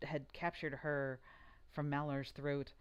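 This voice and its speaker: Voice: mid-range voice, little pitch movement, slow pace, clear, resonant tone. Rambling game master full of ums. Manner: rambling, hesitant, lots of um and uh. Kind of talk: running an online tabletop game.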